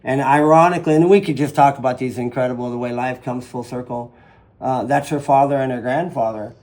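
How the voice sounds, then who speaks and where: A man in his fifties with a Southern US accent, telling lively stories as an interview guest in his home. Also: medium pitch, a little fast. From raised in Nevada, from southern Louisiana. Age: 50s. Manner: animated storyteller, acts out quoted voices. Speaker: interview guest, retired jet ski racer. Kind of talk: casual storytelling interview. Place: living room at home. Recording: roomy home room, faint ambience.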